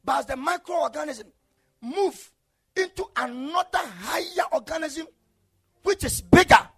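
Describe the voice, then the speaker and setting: A male preacher gives an impassioned sermon at a measured pace, swinging from shouted declarations down to low murmurs.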